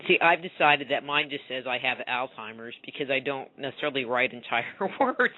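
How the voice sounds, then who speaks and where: A woman's voice: rumbling low, animated, a little fast, bright, forceful tone, dull audio. A woman hosting a radio interview, asking questions casually and searching aloud for her words. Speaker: radio show host.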